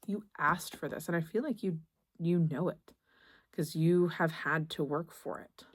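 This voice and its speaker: Low-voiced gentle woman tarot reader. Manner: gentle, reassuring, halting with many restarts. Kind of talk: tarot reading to camera.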